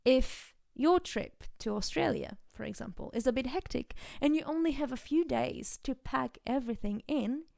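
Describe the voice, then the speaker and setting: A woman's voice: high-pitched, animated, normal speed, creaky, hardly any pauses, a little mellow, dry recording, studio quality. A young woman from Hungary, co-hosting a casual podcast chat and quizzing her friend with trivia. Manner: giggly, quizzing with trivia questions. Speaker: podcast co-host.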